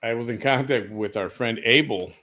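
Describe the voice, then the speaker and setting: A man's voice: medium pitch, normal speed, sharp tone, faint music behind. Easygoing man hosting a late-night chat. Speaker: host.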